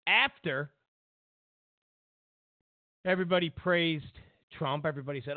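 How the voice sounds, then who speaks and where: A slow-talking man with a gravelly, fry-laden voice delivers a rambling political commentary monologue, full of fillers and restarts and swinging widely in pitch. The sound is dry and narrow, like a phone line. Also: expressive, dry recording. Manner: rambling, many fillers and restarts, mocking quotes. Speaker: show host.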